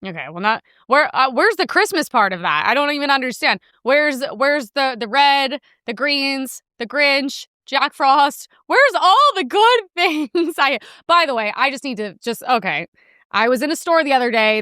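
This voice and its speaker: A young woman hosting a podcast, ranting in casual profane commentary and mimicking people in sharp outbursts. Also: sits high, moderate pace, smooth, dry recording, clean studio sound. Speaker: podcast host.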